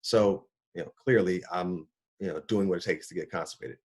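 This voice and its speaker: A middle-aged man, a doctor, telling his own health story in a casual, animated way, acting out his reactions. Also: fairly quick. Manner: animated, acts out his own reactions with big pitch jumps. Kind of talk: personal storytelling talk.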